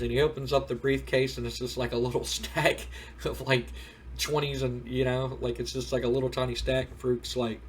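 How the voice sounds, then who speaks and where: A man's voice: medium pitch, little pitch movement, a little fast, slight background noise. A man casually recapping a wrestling simulation game playthrough in a rambling, storytelling way. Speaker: game streamer.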